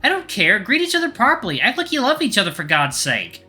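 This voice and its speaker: A man voicing a cheerful, excitable middle-aged mother in a visual novel read-aloud, talking in a gushing, sing-songy way. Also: sits high, fast talker, faint music behind, voice pushed up, exaggerated voice. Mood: scolding.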